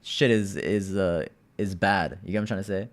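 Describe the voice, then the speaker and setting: A man's voice: low-pitched, steady tone, normal speed. A man streaming live and chatting casually with his viewers, talking in a laid-back, rambling way and often addressing the chat directly.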